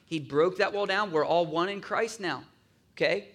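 A man's voice: high-pitched, normal speed, a bit bright. A man preaching a sermon in a conversational way, often asking his listeners to agree and acting out grumbling voices in asides. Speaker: pastor.

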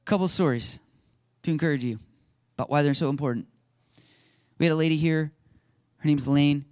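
A male pastor preaching a sermon and telling stories in an animated, conversational way. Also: a little high, a little fast, clean tone, dry recording, studio quality. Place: church sanctuary.

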